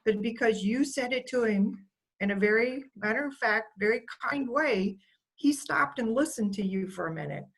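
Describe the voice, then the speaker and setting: A woman on the school staff gives a speech on a video call, her voice a little high and her pace moderate. She tells warm, fond stories about a student, quoting the student lovingly as she grows emotional. The recording is rough.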